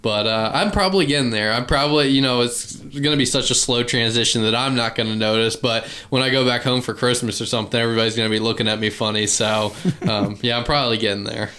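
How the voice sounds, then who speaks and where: A man's voice: mid-range voice, steady tone, fast talker, hardly any pauses, bright, forceful tone. Easygoing young man, faint Virginian accent. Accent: light Virginian. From Virginia, USA. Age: early 20s. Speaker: guest. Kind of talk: casual chat.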